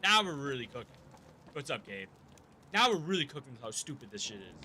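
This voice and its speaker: A man's voice: mid-range voice, very animated, a little fast, sharp tone, a little hiss or hum. A man live-streaming a game, chatting casually with his viewers, rambling and swearing freely.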